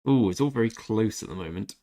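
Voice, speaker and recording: A young man with a British accent and a somewhat low voice chats casually on a gaming livestream. He answers viewers by name and talks in a loose, chatty way, giving blunt opinions with a little swearing. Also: animated, fast talker, dark tone. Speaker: gaming streamer. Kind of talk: casual livestream chat while playing.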